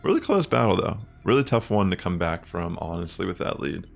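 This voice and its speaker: A young man casually commenting on his own online game matches, chatty and relaxed, thinking aloud with fillers. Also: low-pitched, moderate pace, creaky. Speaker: gaming content creator.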